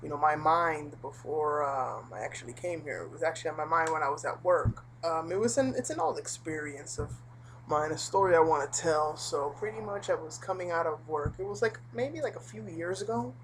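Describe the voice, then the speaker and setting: Low-voiced woman rambling. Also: expressive, brisk, a little hiss or hum, low-quality recording. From Puerto Rico. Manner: rambling, with many fillers and asides. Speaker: vlogger. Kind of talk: casual storytelling monologue.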